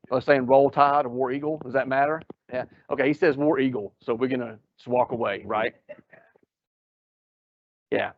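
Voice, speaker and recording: A man's voice: medium pitch, no room sound. Man, ER doc teaching a room of medics, quizzes and wisecracks, dry muffled recording. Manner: joking, quizzing the audience. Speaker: emergency physician lecturer. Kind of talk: live lecture to EMS providers. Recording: dull lo-fi lecture audio.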